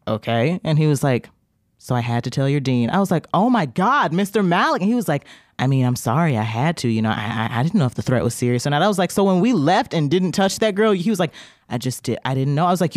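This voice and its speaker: A young woman, a podcast guest, telling a long story in casual chat, animated and profane, acting out the people she quotes. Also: sits low, dry recording, studio quality.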